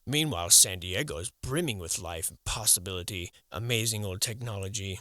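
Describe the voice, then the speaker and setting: A man riffing sarcastically through a stack of old building photos, tossing in casual curses. His pitch is lively and constantly moving, with a bright, forceful edge. The recording is close and dry, with no room sound. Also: normal speed, dry recording. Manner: wry, joking, swears casually. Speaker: channel host.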